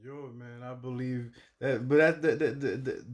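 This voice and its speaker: A man's voice: fairly even intonation, normal speed, over loud music. Slangy, swearing male reaction host. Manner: loose slangy talk with frequent swearing and "you know what I mean"; bursts into loud, high exclamations. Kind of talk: casual reaction commentary.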